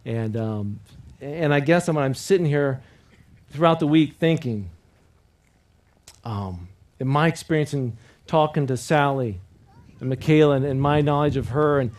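A man preaching a sermon as a pastor, earnest and repeating key phrases as he leads the congregation in call-and-response, swinging between loud emphatic lines and quiet personal appeals. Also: a little high, unhurried.

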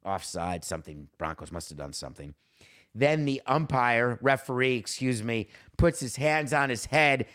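Indignant sarcastic sports podcast host. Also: male voice, fairly low pitch, a bit bright. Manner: indignant, sarcastic, rapid rants with rising rhetorical questions. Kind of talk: sports talk monologue.

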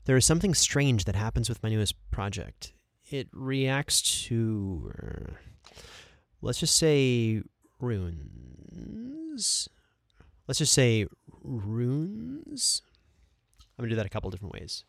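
A man's voice: fairly low pitch, expressive, moderate pace, dry recording. A man rehearsing lines between takes, making dry, wry asides as he tries different readings. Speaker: voice actor.

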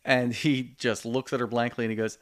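A man's voice: mid-range voice, brisk. A man co-hosting a podcast, chatting casually and retelling scenes with quoted lines. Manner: relaxed storytelling, quotes people in lively bursts. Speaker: podcast co-host. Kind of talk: casual chat recapping reality TV.

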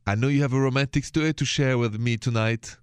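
French guy hosting a radio call-in, playful, mid pitch, dry studio sound. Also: steady tone, fast, clean tone, no echo. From Paris. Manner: playful, drops French greetings. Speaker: radio host. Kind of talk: late-night radio call-in show.

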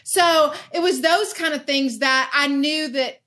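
A woman talking as a guest in a casual chat, reserved and soft-spoken. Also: high voice, a little slow. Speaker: guest, best friend of host.

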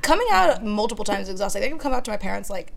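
A woman with a gravelly, fry-edged voice chats casually as a podcast co-host. She rambles through a candid story with lots of restarts. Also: mid-range voice, big pitch swings, very fast. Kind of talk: casual chat.

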